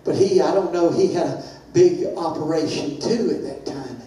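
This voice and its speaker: An older man, a pastor preaching a sermon with impassioned, sing-song delivery that rises into shouts. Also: a little high, moderate pace. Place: church sanctuary. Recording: very echoey church, far from mic, faint hiss.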